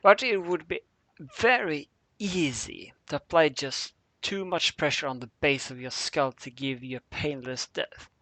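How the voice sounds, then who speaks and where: A man voicing a calm, stern female pony agent in a fan fiction reading, flat and matter-of-fact. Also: a little high, a little slow, no echo, full character voice. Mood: grave.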